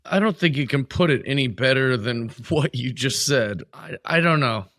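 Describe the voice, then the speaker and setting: A man's voice: mid-range voice, lively intonation, moderate pace, fairly bright tone, dry recording. Man, podcast co-host, casual wrestling chat, easygoing, mid-range voice, dry recording.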